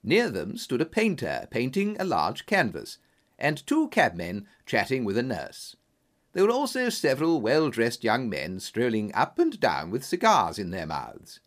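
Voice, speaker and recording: Man, audiobook narration, steady storytelling, very animated pitch, mid voice. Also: measured pace.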